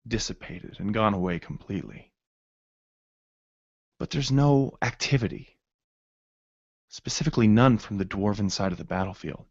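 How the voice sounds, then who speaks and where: Dude running a tabletop game, halting, lots of ums, dull dry audio. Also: male voice, lowish voice, vocal fry, no echo. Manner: halting, many fillers. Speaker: game master.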